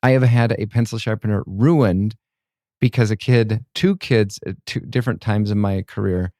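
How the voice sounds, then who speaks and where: Casual podcast host, male schoolteacher, low voice, dry mic, animated storyteller. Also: moderate pace, no echo. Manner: storytelling, acting out kids' lines.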